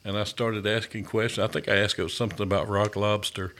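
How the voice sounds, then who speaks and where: A man's voice: fairly low pitch, flat delivery, fast, fairly bright tone, a little hiss or hum. A man hosting a podcast interview in an easygoing, enthusiastic way, often saying "man". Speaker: podcast host. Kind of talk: casual interview chat.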